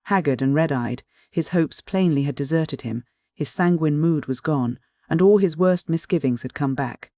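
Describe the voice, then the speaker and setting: A man's voice: a little high, normal speed, warm tone, dry recording, studio quality. Man narrating a classic novel. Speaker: audiobook narrator. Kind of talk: scripted audiobook narration.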